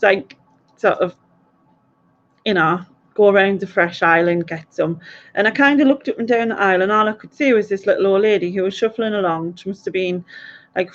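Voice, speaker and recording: A woman hosts a casual quiz stream. She rambles through stories and laughs often. Her voice comes through dull, lo-fi audio. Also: medium pitch. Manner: chatty, rambling, laughs a lot. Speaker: quiz host. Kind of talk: casual live stream chat.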